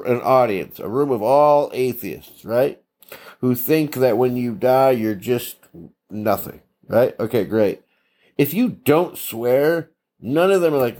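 A man's voice: mid-range voice, darkish tone. A man hosting a podcast in a casual solo monologue, blunt and opinionated, tossing out rhetorical questions and tagging lines with "right?". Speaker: podcast host.

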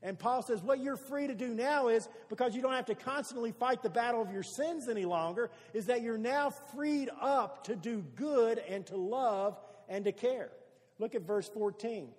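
A man's voice: very high-pitched, normal speed, a little mellow, big-room sound. A man preaching a sermon as pastor, earnest and stacking repeated phrases for emphasis.

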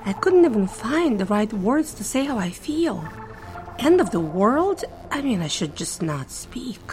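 A woman's voice: fairly high pitch, very animated, measured pace, darkish tone, soft background music. A young woman narrating a first-person audio drama in a nervous, wry, self-mocking way. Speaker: narrator and lead character.

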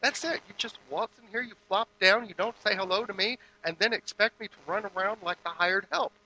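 A man's voice: a little fast, sharp tone, full character voice, rough recording. A man voicing an exasperated housewife scolding her husband during a sermon parable. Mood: indignant. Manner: high, indignant scolding.

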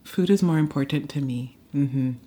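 A woman with a New York accent co-hosting a casual podcast, animated, blunt and laughing a lot. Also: low-pitched, moderate pace. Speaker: podcast co-host.

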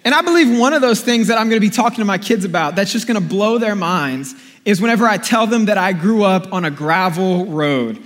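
A young male pastor with a notably high voice preaches to his congregation, spinning a funny, animated story and calling on the room to respond. His voice rings out with the long reverb of a large church hall. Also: brisk, hardly any pauses. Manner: animated storytelling, playful and jokey, calls out to congregation. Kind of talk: sermon.

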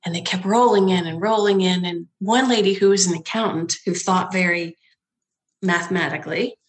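A woman's voice: fairly low pitch, fairly even intonation, normal speed. A woman who founded a nonprofit, telling her story in a conversational interview, laughing often and acting out the people she quotes.

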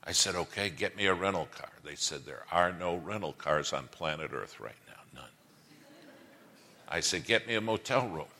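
A man's voice: low-pitched, lively intonation, normal speed, pushed and bright, long reverb tail. A middle-aged man preaching a sermon in an auditorium, telling a folksy, humorous story and asking the audience questions.

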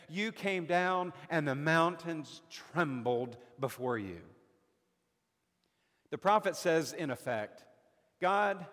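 A man preaching a sermon as a pastor, slow and deliberate with dramatic pauses, recorded in a church sanctuary. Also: high-pitched, fairly bright tone. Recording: long hall reverb.

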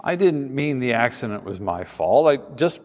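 A man's voice: mid-range voice, very animated, moderate pace, natural voice. A man playing a truck driver on the witness stand who gives short, defensive answers, in an echoey courtroom.

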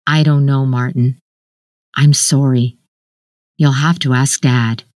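A woman reading the lines of a gentle, apologetic older brother speaking over the phone. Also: very deep voice, steady tone, slow pace, dry recording, studio quality.

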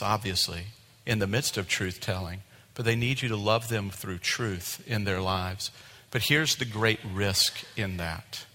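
Man, pastor preaching, bright forceful tone, long hall reverb. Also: lowish voice. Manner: animated preaching, acts out quoted voices. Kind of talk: sermon. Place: church sanctuary.

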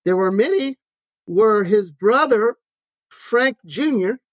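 A man's voice: high voice, animated, slow pace, no echo. Matter-of-fact man with dull lo-fi sound. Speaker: podcast co-host and counselor. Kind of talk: casual chat, reading trivia aloud.

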